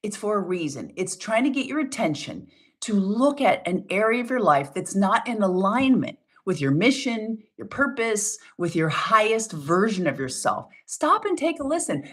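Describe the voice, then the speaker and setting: Middle-aged woman wellness coach, emphatic and encouraging, animated delivery, rhetorical questions. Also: medium pitch, moderate pace. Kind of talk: motivational talk.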